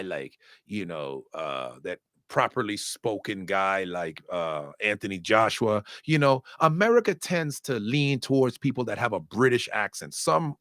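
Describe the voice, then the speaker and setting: A man giving casual, opinionated commentary on boxing, animated, profane and joking, with sudden loud outbursts. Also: mid-range voice, no room sound, studio quality.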